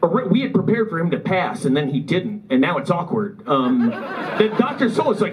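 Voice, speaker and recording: A man's voice: a little high, big pitch swings, a little fast, low-quality recording. A man performing a stand-up comedy set in a club, telling rambling, self-deprecating stories with a Midwest American accent. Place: comedy club with a live audience. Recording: live club recording with crowd. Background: audience laughter.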